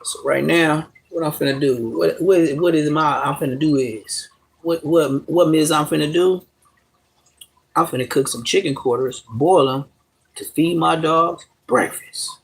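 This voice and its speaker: A man's voice: a little high, steady tone, unhurried, creaky, slightly rough. A man chatting casually on a phone live stream at home, rambling and full of slang and swearing. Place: at home with his dogs.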